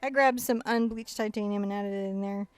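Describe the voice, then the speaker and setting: A woman's voice: mid-range voice, steady tone, fairly quick, no echo. A woman hosting a live painting tutorial, chatty and playful, guiding step by step. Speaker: painting instructor and host. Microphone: new headset-style mic.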